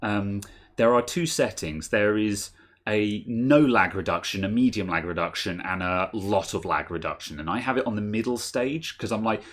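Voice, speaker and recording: Host, male, low-ish voice; easygoing live-stream chatter, laughs a lot, thinks out loud. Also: moderate pace. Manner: chatty, laughs often, thinks aloud with fillers. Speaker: podcast host. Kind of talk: casual live-stream chat.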